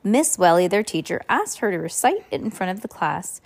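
A woman's voice: medium pitch, very animated, fairly quick. A woman reading a storybook aloud to a child, with casual chatty asides. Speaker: reader.

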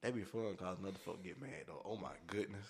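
A man hosting a casual podcast chat, telling stories in an animated way and acting out quoted voices. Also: deep voice, fast talker, creaky. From Puerto Rican. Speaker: podcast host. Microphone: podcast microphone.

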